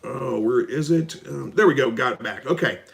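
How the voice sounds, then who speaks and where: A middle-aged man hosting a casual live stream, reading out viewer comments and answering in a relaxed, folksy way. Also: medium pitch, moderate pace, gravelly. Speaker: livestream host answering viewer questions. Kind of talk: casual live Q&A about raising rabbits and quail.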